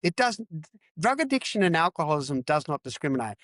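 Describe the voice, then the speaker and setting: A man's voice: fairly high pitch, big pitch swings, fairly quick, a bit bright, no room sound. A middle-aged man from Australia, a podcast guest, talking candidly and emphatically, repeating phrases and swearing. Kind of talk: candid interview talk.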